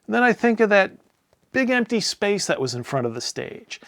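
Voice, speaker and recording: A man rants in a casual, profane way, swinging from loud exasperated outbursts to sarcastic muttered asides. His voice sits a little high for a man. The sound is dry and close, with no room around it. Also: sing-song, moderate pace, dry recording. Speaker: tabletop game publisher ranting. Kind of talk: casual spoken rant.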